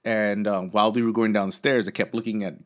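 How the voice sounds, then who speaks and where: A man co-hosting a casual podcast chat tells a long, rambling story in a lowish, level voice at a quick pace. He uses many fillers and restarts and acts out what people said.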